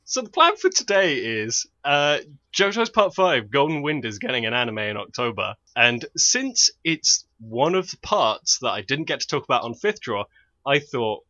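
A man's voice: medium pitch, pushed and bright, no echo, highs cut off. A man hosting a casual podcast chat, explaining with enthusiasm and laughing often. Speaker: podcast host.

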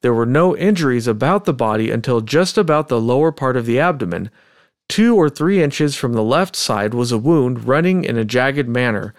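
A man co-hosting a casual true-crime podcast, reading old testimony aloud in a measured, deliberate way. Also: medium pitch, animated, dry recording, clean studio sound. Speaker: podcast co-host.

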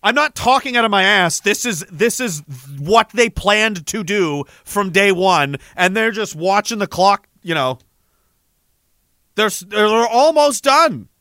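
A young man rants in a loose, profane monologue, restarting his sentences as he gets worked up. His voice is bright and fairly high for a man, and the recording is dry and close. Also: lively intonation, a little slow, dry recording. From Canada. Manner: profane, heated, rambling with frequent restarts. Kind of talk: ranting casual monologue.

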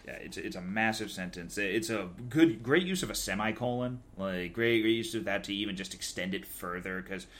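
Deep voiced guy co-hosting a chill book podcast, easygoing, lots of mm-hmms. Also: normal speed, hardly any pauses. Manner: relaxed, agreeable, many quiet affirmations. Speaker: podcast co-host. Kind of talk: casual literary discussion.

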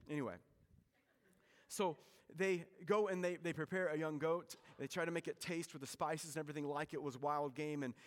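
A man preaching a sermon, telling the story with lively energy and dropping to a hushed voice at times. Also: fairly high pitch. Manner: animated storytelling preacher, swings from loud to hushed. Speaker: pastor. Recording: reverberant hall.

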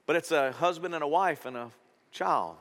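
A man's voice: fairly high pitch, moderate pace, a bit bright. A middle-aged man, preaching a sermon in a conversational, storytelling way with strong emphasis. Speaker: pastor. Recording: reverberant church hall.

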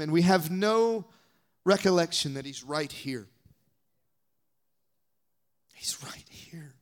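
A man's voice: fairly high pitch, fairly bright tone. A young adult man with a Southern US accent preaching a sermon as a guest speaker, emphatic and dropping now and then to whispered asides.

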